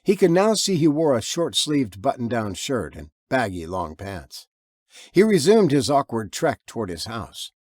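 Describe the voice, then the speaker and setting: A man narrating his own horror novel in an expressive, lively way. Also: unhurried, dry recording, clean studio sound. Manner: lively, expressive reading, with low growled voices for the father. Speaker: author and narrator.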